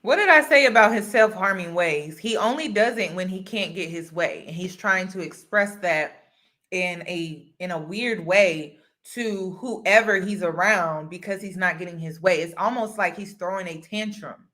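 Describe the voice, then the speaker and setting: A woman's voice: lowish voice, normal speed, pushed and bright. A woman hosting a casual commentary video, explaining firmly and repeating her points for emphasis. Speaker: commentary host.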